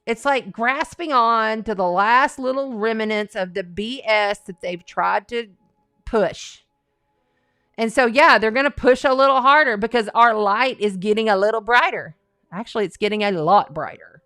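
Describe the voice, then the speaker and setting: A woman's voice: a little high, normal speed, sharp tone, clear, resonant tone, no room sound, studio quality, faint music behind. A woman hosting a live astrology and tarot stream, talking in a chatty, rambling and folksy way. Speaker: astrology and tarot livestream host. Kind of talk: casual livestream chat.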